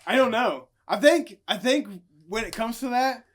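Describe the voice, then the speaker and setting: Very high-voiced man laughing along. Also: expressive, moderate pace. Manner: laughs often, short agreeing replies, blunt and profane. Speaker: podcast co-host. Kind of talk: casual chat.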